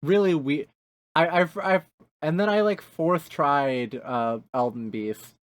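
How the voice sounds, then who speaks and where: A male podcast co-host chats casually in a slightly high voice at a slow pace. He rambles, restarts his sentences often, and swears frequently.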